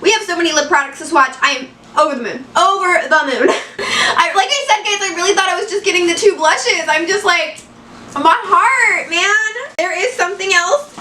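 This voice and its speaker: A woman beauty vlogger chatting excitedly through an unboxing, giggling and repeating herself as she gushes. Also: very high voice, a little fast, reverberant, far from the mic, a little hiss or hum. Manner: giggly, gushing, repeats phrases. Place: home room in Florida.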